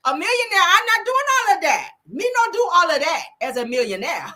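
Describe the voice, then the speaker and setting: A woman's voice: very high-pitched, sing-song, fairly quick, hardly any pauses, pushed and bright. A woman hosting a casual celebrity gossip livestream, sassy and profane, laughing often and talking straight to her viewers.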